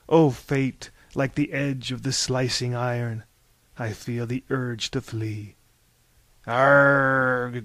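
A male narrator reads the story at an unhurried, deliberate pace. His voice sits at an ordinary middle pitch, and the booth around it is dry and close. The dialogue gets a theatrical lift. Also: no echo. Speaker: audiobook narrator. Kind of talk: scripted narration.

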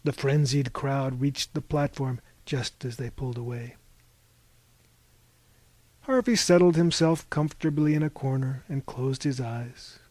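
A man reading a story aloud as narrator, with measured storytelling that rises into animated bursts. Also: mid-range voice, no echo.

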